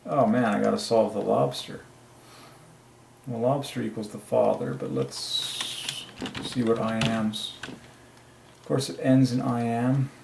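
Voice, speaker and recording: Gravelly man muttering over his research. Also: mid-range voice, steady tone, slow pace, pauses often, noisy background. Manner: muttering to himself while working. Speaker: channel host. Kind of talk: solo religious word-number study. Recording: echoey room.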